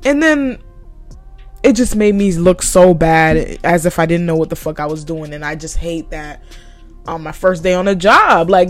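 A woman's voice: fairly high pitch, lively intonation, normal speed, soft background music. A young woman vlogger telling a story about work in a blunt, profane, emphatic way. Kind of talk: casual storytime monologue.

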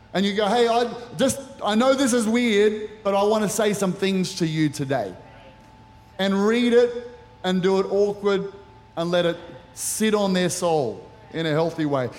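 A middle-aged man preaching as a pastor at a church service, earnest and personal with touches of light humor. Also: sits high. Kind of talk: sermon. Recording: reverberant church hall.

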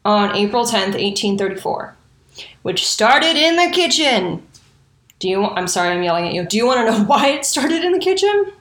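Woman, casual storytelling, profane, indignant, sarcastic, somewhat high voice, echoey room. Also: fairly bright tone. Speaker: true crime storyteller.

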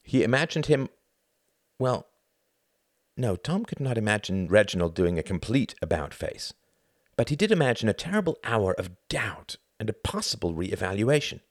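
A man narrating an audiobook with an expressive, animated reading. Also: on the low side, normal speed, no echo, studio quality.

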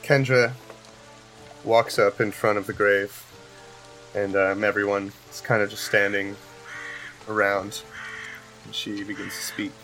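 A man narrating a tabletop game as game master in a relaxed, casual way. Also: lowish voice, unhurried, long pauses, faint music behind, rough recording.

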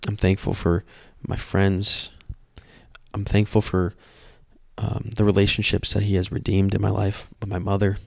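Earnest young male podcaster, gravelly, dry close sound, halting testimony. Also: on the low side, monotone, no room sound. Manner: earnest, halting, repeats words. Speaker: podcast host. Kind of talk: personal testimony.

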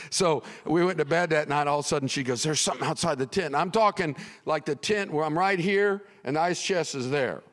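A middle-aged male pastor telling a comic story in a sermon, animated and prone to sudden shouts. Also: mid-range voice, big-room sound.

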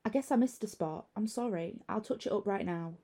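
A woman voicing a calm, reassuring young husband. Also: medium pitch, a little fast, slightly rough, close to an everyday voice. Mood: gentle. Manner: reassuring, easygoing. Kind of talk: storytelling narration.

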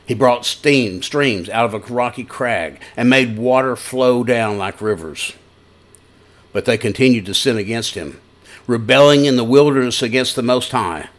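A man's voice: medium pitch, normal speed. A male pastor giving a broadcast sermon, with conversational, folksy storytelling and scripture reading.

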